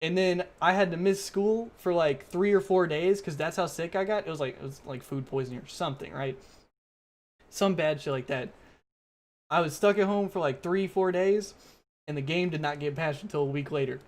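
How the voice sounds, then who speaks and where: A man co-hosting a podcast, telling a story in relaxed, profane casual chat. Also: fairly high pitch, normal speed. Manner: laid-back, profane storytelling. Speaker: podcast co-host.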